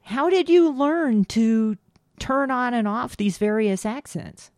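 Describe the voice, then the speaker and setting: Clear-spoken woman show host. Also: on the high side, takes it slowly, a little mellow, no room sound, studio quality. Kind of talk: scripted introduction and interview questions.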